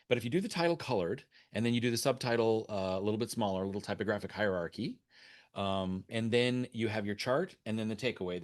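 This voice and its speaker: Man rambling through webinar answers. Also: fairly low pitch. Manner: rambling, many restarts and fillers. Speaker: guest speaker.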